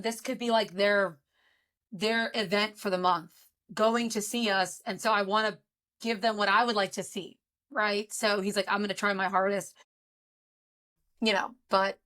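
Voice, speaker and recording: A woman with a hoarse, worn voice chats on a podcast. She tells stories freely and keeps things moving. Her pitch is in the ordinary middle range for a woman. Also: fairly bright tone. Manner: chatty, storytelling. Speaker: podcast co-host. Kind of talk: casual chat.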